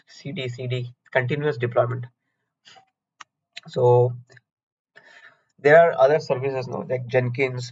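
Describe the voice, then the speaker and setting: Man, conversational lecturer who loves everyday analogies; mid-range voice, muffled lo-fi recording. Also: medium pitch. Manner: chatty, asks and answers his own questions, homely analogies. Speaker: instructor.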